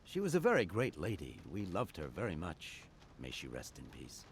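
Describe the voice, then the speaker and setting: A man's voice: low voice, wildly swooping pitch, normal speed, a little hiss or hum, heavily acted. A man voicing an evasive, overly polite hotel keeper in a video game, flustered and backpedaling.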